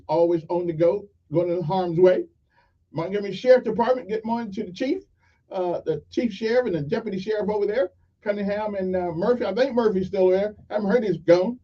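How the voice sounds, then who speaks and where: A middle-aged man, hosting a casual morning radio show with folksy, rambling asides and jokes. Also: sits high. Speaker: radio talk show host. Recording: dull sound from a distance.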